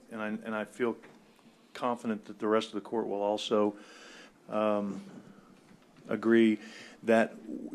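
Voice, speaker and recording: A man's voice: lowish voice, a little hiss or hum. A man serving as county commissioner hesitantly presents a motion at a public meeting, with many fillers. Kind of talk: formal remarks at a public meeting.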